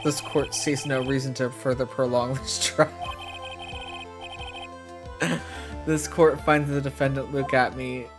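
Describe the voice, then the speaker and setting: A man's voice: medium pitch, level tone, normal speed, close to an everyday voice. A man reading aloud as an old, easily swayed courtroom judge, over game music. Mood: formal. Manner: reads the lines plainly aloud.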